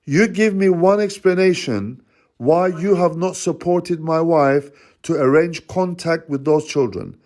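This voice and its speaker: A man's voice: a little high, a little slow, a little mellow. Angry man ranting down the phone. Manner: accusing, confrontational ranting. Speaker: father on a phone call. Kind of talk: heated phone call. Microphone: phone call recording.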